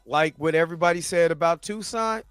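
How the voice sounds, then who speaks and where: A man's voice: on the high side, a little fast, fairly bright tone, smooth, no echo, faint music behind. A man hosting a casual livestream, reading chat and talking in a laid-back, chatty way. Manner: laid-back, chatty, often laughing and trying voices.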